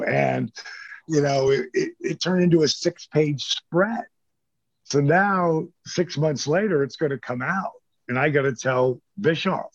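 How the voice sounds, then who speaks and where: A middle-aged man, a former pro wrestler, telling stories as an interview guest in a lively, casual way and swearing freely. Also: medium pitch, vocal fry, breathy edge, no room sound. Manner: animated storyteller who acts out quotes, swears freely. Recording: dull lo-fi dry sound.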